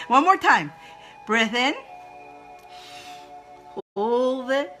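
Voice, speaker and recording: Animated, bright-voiced woman from Egypt. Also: on the high side, measured pace, soft background music. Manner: playful, laughs often, animated roars and breathing cues. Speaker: spiritual advice host. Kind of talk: casual spiritual advice talk to viewers.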